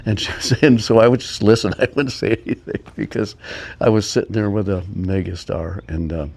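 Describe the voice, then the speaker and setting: A man's voice: fairly low pitch, steady tone, gravelly, a little mellow. An older man telling rambling personal stories in a casual, meandering way, chuckling often. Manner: meandering, chuckling, many pauses. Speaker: storyteller. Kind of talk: casual storytelling.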